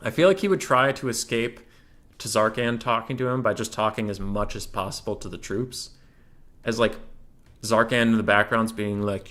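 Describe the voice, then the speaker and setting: A man with a voice on the low side and a slightly bright quality runs a casual gaming Q&A. He reads viewer questions aloud and fires back joking, offhand responses.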